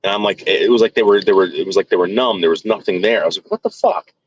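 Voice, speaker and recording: A man's voice: deep voice, very fast, breathy edge, muffled recording. A man vlogging to his viewers in a crude, rambling casual monologue full of fillers and restarts.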